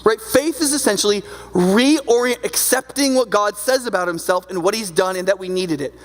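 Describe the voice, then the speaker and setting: Male pastor, sermon, high voice, long church-hall reverb. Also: normal speed. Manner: conversational preaching, keeps checking in with "right?". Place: church sanctuary.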